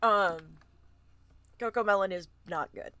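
A woman's voice: mid-range voice, unhurried, sharp tone, no room sound. A young woman co-hosting a casual podcast, blunt and opinionated, with lots of fillers. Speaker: podcast co-host. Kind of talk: casual chat.

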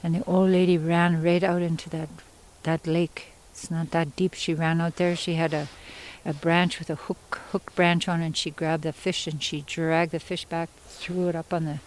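A woman storyteller from Yukon, Canada, telling a traditional story in an unhurried, conversational way with pauses and asides. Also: low-pitched, little pitch movement, slight background noise, poor audio. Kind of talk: oral storytelling.

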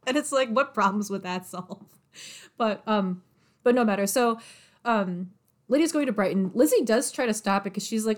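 A young woman in casual chat, retelling a novel's plot with lots of fillers and quick voiced asides for the characters. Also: mid-range voice. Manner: chatty, filler-heavy, acts out characters' lines.

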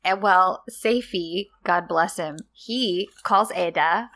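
A woman's voice: fairly low pitch, slow, a bit bright. A woman co-hosting a casual chat, enthusiastic and laughing along. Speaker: podcast co-host.

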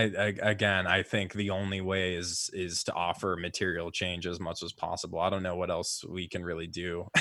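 A man's voice: on the low side, fairly bright tone, no echo. A man co-hosting a casual political podcast, rambling with many fillers and restarts. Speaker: podcast co-host.

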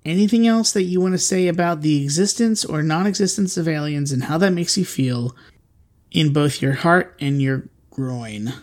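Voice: mid-range voice, moderate pace, a little mellow. A podcast host in loose, comedic conversation with a co-host. The talk is playful and jokey, and it wanders through restarts and self-corrections as the host circles back on their own words. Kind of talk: casual comedic podcast chat.

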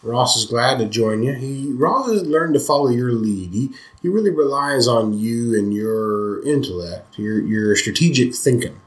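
A man's voice: mid-range voice, expressive, unhurried, few pauses. A man narrating a tabletop horror game as game master, describing scenes steadily.

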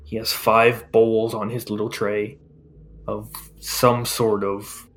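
A man narrating a tabletop game as game master, describing scenes in a measured way. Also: fairly low pitch, flat delivery, fairly bright tone.

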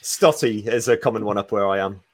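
A man's voice: lowish voice, brisk, dry recording. A man, trading laughing, sweary banter in casual podcast chat.

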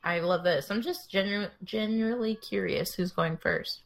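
A woman's voice: medium pitch, moderate pace, gravelly. A woman co-hosting a casual podcast, chatty and giggly, who often laughs through her sentences. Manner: giggly, chatty, acts out quotes. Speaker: podcast co-host. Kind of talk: casual chat.

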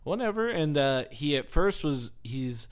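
Male co-host, mid-pitched, casual chat, animated storyteller who laughs a lot. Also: normal speed. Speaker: podcast co-host.

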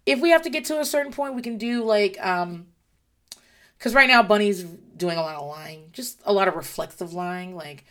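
A woman's voice: on the low side, expressive, brisk. A woman in her thirties, a parent giving blunt, frank advice in casual chat, with a voice that is wearing out. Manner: blunt, frank, swears freely.

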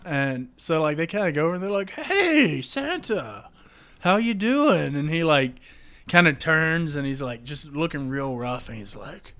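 A man's voice: a little high, moderate pace, a bit bright, smooth. A man casually spinning an improvised comedy story, rambling with many fillers.

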